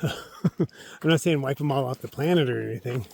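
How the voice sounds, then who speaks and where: A man with a gravelly voice, talking in a relaxed, chatty way as he hikes a mountain trail and records himself on a handheld camera. There is faint outdoor noise behind him. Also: medium pitch, normal speed. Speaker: solo thru-hiker vlogger. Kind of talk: casual vlog narration while hiking.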